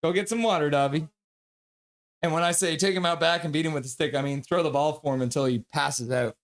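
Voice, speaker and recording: Excitable man calling a game live. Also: a little high, fairly quick. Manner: excitable, cries out at big plays; coos in baby talk at his dog. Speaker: livestream host calling the game. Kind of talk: live fan play-by-play.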